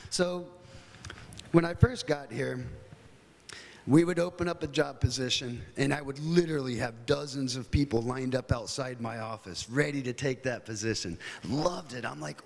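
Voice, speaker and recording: A man's voice: a little high, moderate pace, gravelly, in a large hall. A middle-aged American man giving a casual, chatty conference talk, telling stories with plenty of fillers. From United States. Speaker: guest speaker. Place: hotel conference hall.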